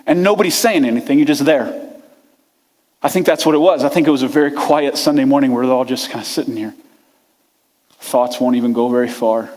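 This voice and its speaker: A man giving a sermon as pastor, telling a story in an animated, conversational way. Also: medium pitch, fairly quick, long pauses, in a large hall. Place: church sanctuary.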